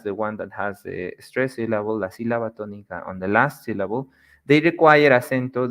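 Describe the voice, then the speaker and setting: A man giving a casual video lesson at a mid-range pitch. He explains patiently, often stops to restart a phrase with an "eh", and stretches example words out slowly so they are clear. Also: fairly bright tone. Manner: frequent restarts and "eh" fillers. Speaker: language teacher.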